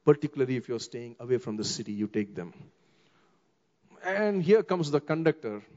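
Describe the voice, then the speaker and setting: A middle-aged man with an Indian English accent, preaching a sermon as a pastor and slowing down for emphasis. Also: medium pitch. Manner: expressive, slows down for emphasis, acts out quoted voices. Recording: long hall reverb, dull muffled sound.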